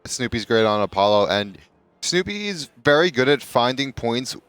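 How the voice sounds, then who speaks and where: A young man, a guest pro player, giving hesitant analysis with many ums, speaking softly. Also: mid-range voice, very animated, normal speed, clear, resonant tone, no room sound, faint music behind. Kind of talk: casual analysis.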